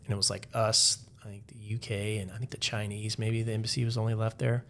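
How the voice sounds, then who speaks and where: A man's voice: on the low side, little pitch movement, quick pace, fairly bright tone, a little hiss or hum. A man as a podcast guest, telling a story in a loose, casual way, with lots of "like" fillers.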